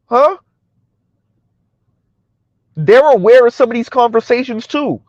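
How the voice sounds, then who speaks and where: High-pitched man, blunt mocking commentary, dry dull lo-fi sound. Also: animated, slow, dry recording. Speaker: commentary channel host. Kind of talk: casual social media commentary.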